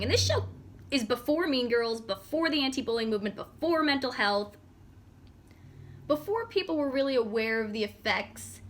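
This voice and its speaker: Bright, lively American woman hosting. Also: on the high side, slight background noise. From United States. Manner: earnest, heartfelt. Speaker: interview host. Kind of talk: interview.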